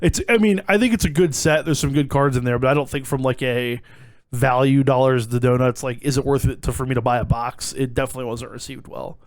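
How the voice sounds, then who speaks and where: A man's voice: mid-range voice, steady tone, fairly quick, no room sound. A man co-hosting a casual podcast chat, rambling with lots of fillers and laughing often. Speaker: podcast co-host.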